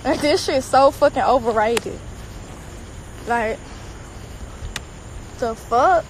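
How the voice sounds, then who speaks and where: A high-pitched woman vents in a heated rant, swearing freely and circling back to the same points. There is a faint background hiss under her voice, with a casual, unscripted feel. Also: slow pace, rough recording. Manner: profane, heated, repetitive. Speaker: celebrity girlfriend. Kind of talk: angry social media rant.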